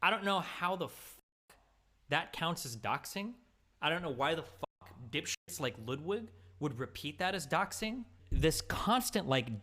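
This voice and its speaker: A man's voice: fairly high pitch, sharp tone. A man streaming live, commenting casually and with plenty of swearing, exasperated and rambling.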